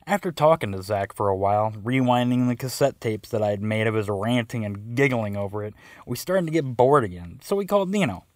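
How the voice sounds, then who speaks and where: A man's voice: fairly low pitch, expressive, fairly quick, no room sound, studio quality. A man narrating a personal story in a wry, conversational way.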